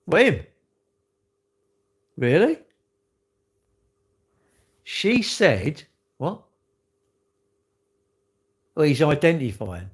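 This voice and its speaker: A man's voice: medium pitch, very animated, a little slow, pauses often. A man hosting a live stream, chatting and joking with viewers in cheeky banter that jumps from topic to topic.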